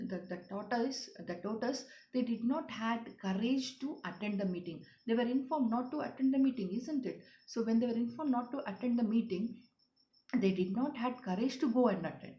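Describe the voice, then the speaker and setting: A woman's voice: medium pitch, darkish tone. Woman teacher explaining to children. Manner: repetitive, questioning, often asks "children". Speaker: English teacher. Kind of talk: explaining a story to schoolchildren. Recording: roomy, dull lo-fi sound.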